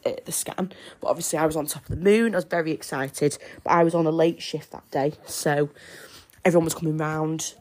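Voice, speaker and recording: Chatty low-voiced woman. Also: brisk. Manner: chatty, excitable, breaks off to coo at her baby. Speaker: podcast host. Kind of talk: casual storytelling.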